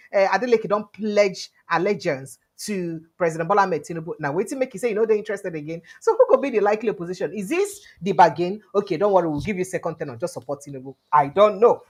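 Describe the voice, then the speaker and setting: A Nigerian woman hosting a news vlog, commenting on politics in pidgin and English with animated quoting. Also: mid-range voice. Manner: animated, switches between pidgin and English, quotes people in lively voices. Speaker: news vlogger host. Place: indoors, livestream studio.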